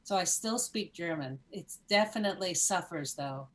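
A Cuban American woman in her fifties, a podcast guest in casual chat, telling animated stories with many restarts. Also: fairly low pitch, normal speed. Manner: animated storyteller with many restarts and acted-out moments.

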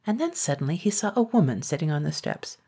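A woman narrating a classic children's story in a calm, even storytelling manner. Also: deep voice, fast talker, husky. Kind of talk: scripted narration.

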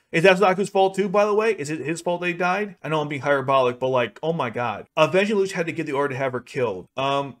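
A young man commenting on an article for his video channel, ranting in an exasperated, sarcastic way with sudden jumps in pitch. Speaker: YouTube anime commentator. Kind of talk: reacting to and rebutting an article.

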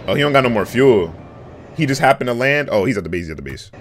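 A young man hosting a casual reaction video, full of slang and bursting into shouts and laughs at what he watches. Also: medium pitch, fast talker, slight background noise. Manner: excitable, shouts and laughs at the screen, heavy slang. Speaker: reaction channel host.

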